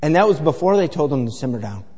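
Middle-aged man, sermon, folksy filler-heavy storytelling, higher-pitched, reverberant hall. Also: very animated, quick pace, a little mellow, slightly rough. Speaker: preacher. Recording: echoey hall with long reverb.

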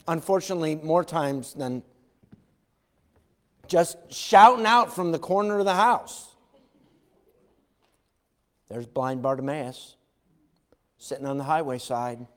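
Animated preaching man, echoing hall. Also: on the high side, a little slow, pauses often. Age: adult parent. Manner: animated, acts out quoted voices, shouts for emphasis. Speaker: pastor. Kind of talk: sermon. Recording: long hall reverb.

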